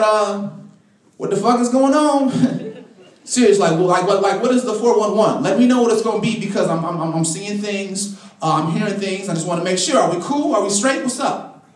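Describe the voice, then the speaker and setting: A man's voice: sits high, voice pushed down, natural voice. A man doing a pleading president on voicemail. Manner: halting, pleading, full of restarts. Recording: echoey room from far off.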